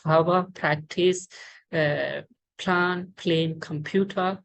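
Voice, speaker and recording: Slow, low-voiced Indian woman teaching English. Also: steady tone, vocal fry, poor audio. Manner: halting, many fillers and restarts, repeats words. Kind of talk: online pronunciation lesson. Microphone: screen-share recording.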